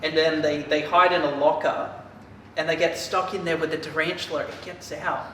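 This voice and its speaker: A man's voice: on the high side, moderate pace. Rambling man in an echoey room. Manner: rambling, animated storytelling with filler words. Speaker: podcast co-host recapping a book. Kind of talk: casual chat. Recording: echoey room, distant mic, faint hiss.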